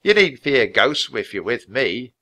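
A man's voice: medium pitch, very animated, a little slow, sharp tone, heavily acted. A man voicing a cheerful, bold young knight in a storybook reading. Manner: calls out commands in short bursts.

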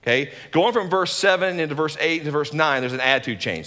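A man, a lead pastor, giving a conversational sermon in an animated, folksy way with joking asides. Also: on the high side, fairly quick, few pauses, long reverb tail.

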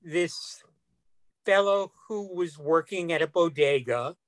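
A man in a casual talk-show chat, retelling a news story at a measured pace with wry remarks. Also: on the high side, no echo.

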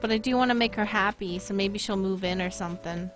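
A woman with a Boston accent giving live gameplay commentary, excitable, gasping and laughing often. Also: medium pitch, fast talker, faint music behind. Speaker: streamer.

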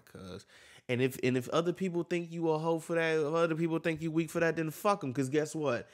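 Earnest, slangy man reacting on camera. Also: fairly high pitch. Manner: emphatic, earnest, heavy slang and swearing. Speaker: reaction video host. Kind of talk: casual reaction commentary.

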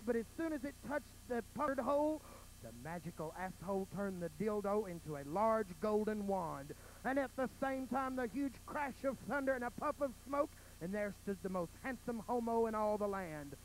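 Casting: male drag queen, very high voice, campy storybook narration, faint stage noise. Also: low-quality recording. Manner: mock-sweet fairy-tale narration with campy emphasis. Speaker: drag performer. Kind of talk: bawdy comic storytelling on stage. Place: pageant stage.

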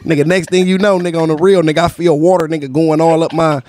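Male podcast host, higher voice, animated slangy storyteller, dry close sound. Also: quick pace, dry recording. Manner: animated storyteller, heavy slang, acts out quotes. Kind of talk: casual storytelling chat.

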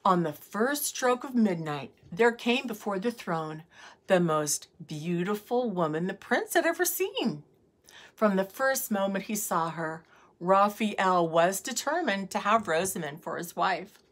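A woman reading a children's storybook aloud in a measured, expressive way. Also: medium pitch.

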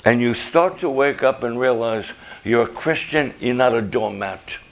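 An older man preaching a sermon as a pastor, passionate and loud, firing off rhetorical questions. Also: mid-range voice, moderate pace, vocal fry.

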